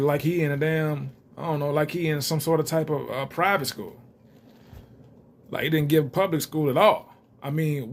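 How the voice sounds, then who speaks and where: A man's voice: mid-range voice, a little hiss or hum. Young man rambling casual commentary. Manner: rambling, loose slang, many fillers. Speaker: reality TV commentator.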